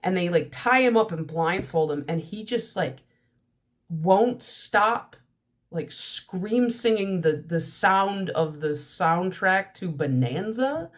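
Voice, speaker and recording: Young woman vlogger, congested and nasal, lower-pitched, stream-of-consciousness casual chat. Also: animated, slow pace. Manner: chatty stream-of-consciousness talk. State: stuffy nose, nasal from allergies. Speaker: nail polish vlogger.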